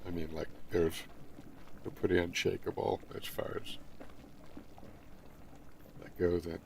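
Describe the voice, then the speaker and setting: Gravelly, slow-talking middle-aged man. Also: deep voice, steady tone, slight background noise. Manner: rambling, crude joking. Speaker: game streamer. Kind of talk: casual stream chat.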